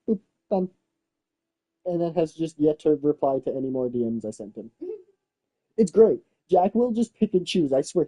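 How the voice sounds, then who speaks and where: Very mellow, dark-toned man chatting. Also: medium pitch, no room sound, rough recording. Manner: joking, swears freely. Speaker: streamer and server owner. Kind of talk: casual chat.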